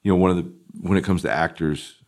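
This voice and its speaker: Deep-voiced male podcast host. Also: steady tone, fast, darkish tone. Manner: encouraging, frequent brief affirmations. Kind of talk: interviewing, casual chat. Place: studio.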